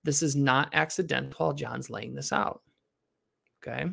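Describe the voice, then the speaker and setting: A man's voice: medium pitch, creaky, slightly rough. A man reading a Bible passage aloud and then teaching on it, asking his class questions as he explains. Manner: reads scripture slowly, then explains in a lively, questioning way.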